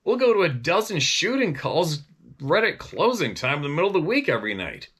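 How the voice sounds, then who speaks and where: A man voicing a laid-back male city cop who answers in high, incredulous squeaks while laughing in disbelief. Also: very animated, brisk, a bit bright, breathy edge, full character voice. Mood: amused.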